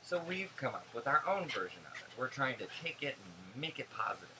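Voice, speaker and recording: A young man telling stories in a casual vlog, animated, gossipy and sarcastic. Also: mid-range voice, brisk, background noise. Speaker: vlogger.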